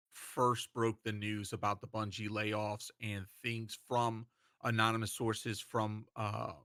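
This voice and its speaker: Male podcast co-host, slow and earnest, bright tense voice, dry sound. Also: on the low side, no room sound. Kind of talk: casual interview.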